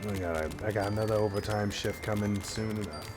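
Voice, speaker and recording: A man's voice: fairly low pitch, brisk, noisy background. A man chatting on a live game stream, wry and muttering, still recovering from an illness. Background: faint game music.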